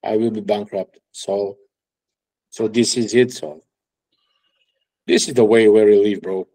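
Macedonian-accented man telling lively stories. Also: lowish voice, a little slow, low-quality recording. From North Macedonia. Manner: lively storyteller in broken English, acts out quoted people. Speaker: guest musician. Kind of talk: casual storytelling interview.

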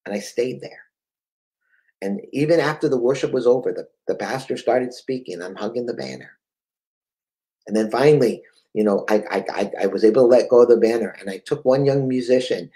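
A man's voice: mid-range voice, a little fast, dark tone, poor audio. A man with a New England accent preaching a fervent sermon, often stammering and repeating words.

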